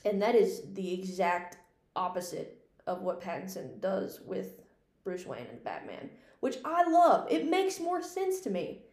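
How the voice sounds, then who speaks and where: A woman's voice: mid-range voice, a little slow. Chatty swearing woman podcaster, echoey room. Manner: chatty, swears casually, lively rambling. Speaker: podcast host and film critic. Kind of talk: casual unscripted podcast chat. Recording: echoey room with faint hum.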